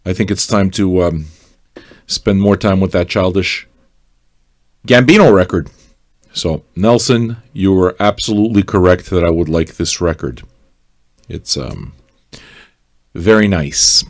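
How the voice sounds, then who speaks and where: A man's voice: sits low, measured pace, long pauses. A man hosting an independent radio show as DJ, chatting casually between records in a loose, profane, rambling way. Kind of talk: casual on-air chat.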